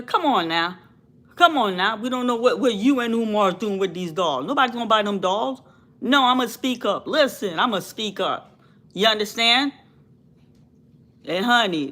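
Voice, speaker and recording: Fiery, bright-voiced woman channel host. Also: mid-range voice. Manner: fiery, preachy, repeats phrases for emphasis. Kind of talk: impassioned commentary to viewers.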